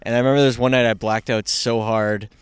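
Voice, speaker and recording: A man tells a casual story in a podcast chat, relaxed and full of asides. His voice is smooth and resonant, in an ordinary middle range. The recording is close and dry. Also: medium pitch, quick pace, no room sound.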